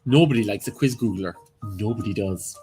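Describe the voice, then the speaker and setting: A man's voice: lowish voice, fairly quick, soft background music. A man with an Irish accent co-hosting a casual online quiz, teasing and cracking jokes. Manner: teasing, lively, jokey asides. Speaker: quiz co-host. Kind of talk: casual live-stream quiz banter.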